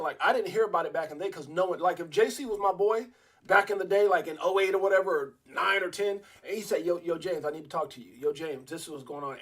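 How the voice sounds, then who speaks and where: A middle-aged man hosts a casual livestream with a high-pitched, husky voice. He tells stories in an excitable, repetitive way, circling back to his points again and again. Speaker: crypto livestream host.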